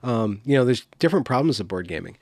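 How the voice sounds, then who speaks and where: Man, livestream host, rambling, apologetic, voice in rough shape, dry close sound. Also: medium pitch, animated, quick pace, a little mellow, no room sound. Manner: rambling, apologetic, loses his train of thought. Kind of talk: casual livestream chat.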